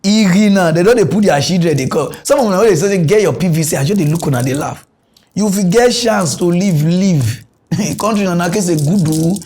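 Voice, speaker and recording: This satirical comedy news host, a man with a Nigerian Pidgin English accent, rants in an animated, brisk way, alternating loud outbursts with low mutters.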